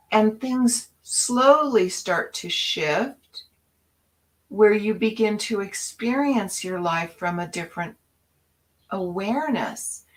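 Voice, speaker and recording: A woman co-hosting a spiritual talk show, speaking in an inspirational, animated storytelling way. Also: medium pitch, low-quality recording. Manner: animated storyteller acting out her own past voices.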